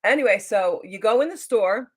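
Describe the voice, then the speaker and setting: A woman's voice: mid-range voice, expressive, normal speed, slightly rough. Chatty middle-aged woman live-streaming. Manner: rambling, chatty, many fillers and restarts. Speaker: YouTuber hosting a live stream. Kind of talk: casual live-stream storytelling.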